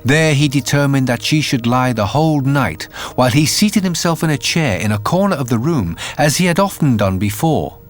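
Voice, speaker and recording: A man reading a fairy tale aloud in an expressive, measured way, with faint music behind. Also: medium pitch. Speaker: narrator. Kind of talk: storybook narration.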